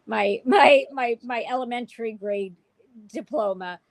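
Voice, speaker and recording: Earnest woman with a gravelly voice. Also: fairly high pitch, measured pace, a little hiss or hum, low-quality recording. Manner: heartfelt, emotional, many restarts. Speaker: show host. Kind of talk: candid livestream chat.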